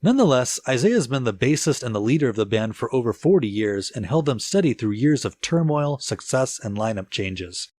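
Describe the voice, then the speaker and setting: A man co-hosting a casual music-history podcast, relaxed and chatty with easy laughter and plenty of fillers. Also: medium pitch, brisk, hardly any pauses, dry recording. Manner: relaxed storyteller, laughs easily, lots of filler "like". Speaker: podcast co-host.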